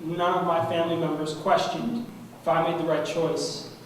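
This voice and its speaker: A young man giving an award acceptance speech, heartfelt and halting, clearly emotional. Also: fairly high pitch, little pitch movement. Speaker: award recipient. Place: large banquet room at an annual meeting. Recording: echoey hall from far off, noisy.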